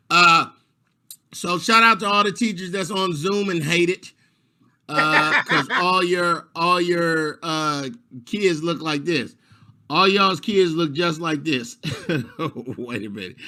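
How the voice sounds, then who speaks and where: A middle-aged man does a stand-up comedy set over a video call. He's animated and quick to leap into high, squeaky voices whenever he plays teachers.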